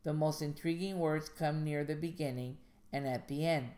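A woman hosting a podcast on writing craft, reading aloud from a guide in a measured way and then talking it over loosely, with fillers and restarts. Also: deep voice, fairly even intonation, dark tone. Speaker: podcast host and indie author.

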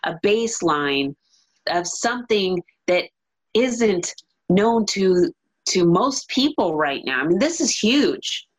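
A woman's voice: mid-range voice, very animated, slightly rough, rough recording. A woman hosting an interview in a casual, enthusiastic way, often restarting her sentences. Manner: enthusiastic, rambling, halting restarts. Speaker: podcast host.

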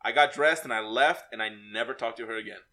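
A man's voice: mid-range voice, fast talker, pushed and bright. A young man co-hosting a podcast, telling an awkward story in casual chat with jokes, laughter and hesitant fillers. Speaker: podcast co-host.

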